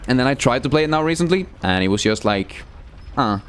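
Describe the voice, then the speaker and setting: A man's voice: medium pitch, animated, quick pace, clear, resonant tone. A young man, chatting casually and cursing as he streams a game and answers chat. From Sweden. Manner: loose and profane, reads chat aloud, many fillers.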